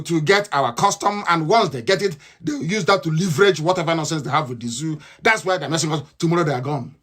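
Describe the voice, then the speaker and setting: A man's voice: high-pitched, a bit bright. Fiery man broadcasting. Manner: impassioned, repetitive, mocking. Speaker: radio broadcaster. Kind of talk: live radio broadcast monologue.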